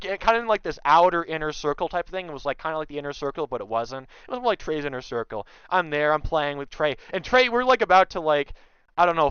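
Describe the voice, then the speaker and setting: A young man telling a story in casual chat, animated and loudly acting out what others said. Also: a little high, clear, resonant tone, dry recording, dull audio. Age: young adult. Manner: animated, acts out quotes loudly. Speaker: guest.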